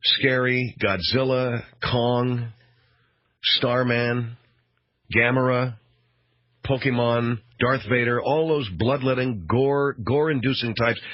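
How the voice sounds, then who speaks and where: A man's voice: medium pitch, steady tone, slow pace, dry recording. A man hosting a radio talk show, rambling through a sarcastic, mock-outraged monologue. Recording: dull, dry radio broadcast.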